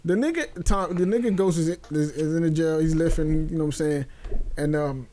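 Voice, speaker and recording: A man's voice: on the high side, normal speed, warm tone, slight background noise. A man co-hosting a podcast, telling a story in blunt, slangy casual chat. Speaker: podcast co-host.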